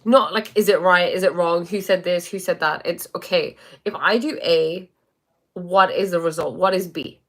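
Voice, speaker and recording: A woman with a fairly low-pitched voice talks casually on a livestream. She rambles loosely, with many fillers and restarts, and keeps turning to answer viewers' comments as she goes. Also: moderate pace. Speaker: life coach.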